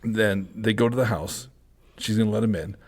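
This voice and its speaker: A man's voice: lowish voice, normal speed, husky. Male podcast host, casual and profane, acts out the people in his stories. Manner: profane storyteller, acts out quotes. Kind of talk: casual chat.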